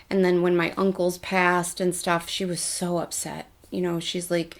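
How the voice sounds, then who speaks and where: A woman's voice: fairly low pitch, fairly even intonation, normal speed, vocal fry. A woman coach telling personal stories in a casual vlog, candid and chatty with casual slang. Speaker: life coach.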